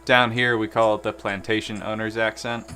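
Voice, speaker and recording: Over music, a Southern American man in his 20s streams himself bartending, rambling casually and tossing off self-deprecating jokes as he mixes drinks. He speaks at a moderate pace in a lowish, level voice.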